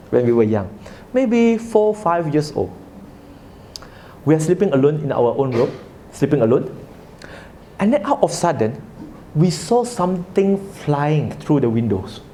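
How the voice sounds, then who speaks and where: A man's voice: a little high, dark tone, slight background noise. A man giving a religious talk to a live audience, telling a story and asking listeners questions. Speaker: religious speaker.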